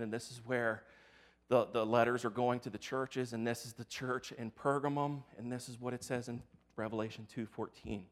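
Male pastor, mid-pitched, casual animated storyteller in a sermon.

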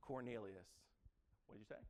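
A man's voice: lowish voice, normal speed, a little mellow. A man preaching an interactive sermon to his congregation, chatty and joking as he quizzes the audience. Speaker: preacher teaching a Bible lesson.

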